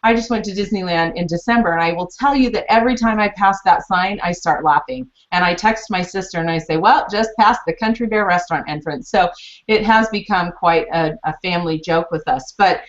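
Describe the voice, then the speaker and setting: A woman's voice: on the low side, brisk. A woman presenting a teaching webinar, explaining steps in a chatty, storytelling way. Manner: chatty storytelling, animated retellings. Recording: muffled lo-fi webinar audio.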